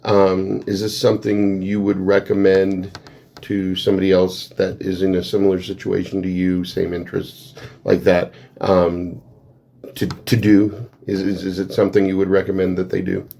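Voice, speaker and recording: A man hosting a podcast interview, asking halting questions with repeated words and encouraging replies. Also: deep voice, monotone, vocal fry, mellow, slight background noise.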